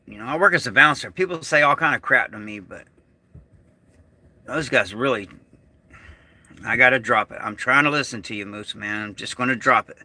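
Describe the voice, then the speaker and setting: A middle-aged American man vlogging about being upset and struggling with anger, talking in a halting way that trails off. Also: medium pitch, sharp tone. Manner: agitated, slow and halting, trailing off. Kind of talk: emotional vlog monologue.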